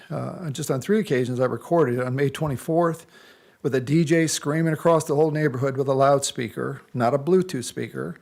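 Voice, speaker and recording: A man's voice: mid-range voice, creaky, a little mellow. A man giving an indignant, complaining public comment at a county board meeting. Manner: indignant, complaining, reading a prepared statement. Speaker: resident speaking at public comment.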